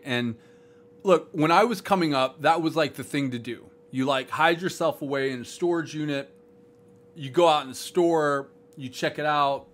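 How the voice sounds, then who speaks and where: A man's voice: on the high side, a bit bright. Blunt, rambling man with a lifted voice. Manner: blunt and rambling, full of "like", "um" and "bro". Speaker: streaming platform staff host. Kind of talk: casual livestream talk to viewers.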